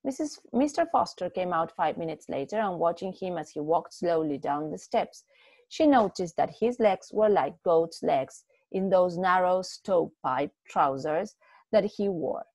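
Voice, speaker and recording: A woman reading a short story aloud in a steady, expressive way, with a few small slips. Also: lowish voice, unhurried, no room sound. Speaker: story reader.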